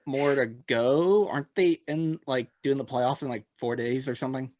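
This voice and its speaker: A man's voice: medium pitch, moderate pace, a little mellow, no room sound. Rambling self-mocking man on a podcast. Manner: rambling, self-deprecating, laughs at own jokes. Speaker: podcast co-host. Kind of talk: casual sports chat.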